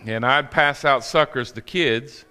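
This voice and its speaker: A man's voice: mid-range voice, measured pace, bright, forceful tone, long reverb tail. A male preacher giving a sermon with folksy, humorous storytelling. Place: church sanctuary.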